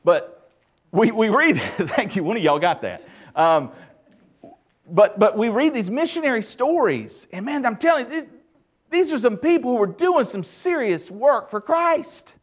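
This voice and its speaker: A middle-aged man preaching a sermon as pastor, emphatic and lively with touches of humor. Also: extremely high pitch, measured pace.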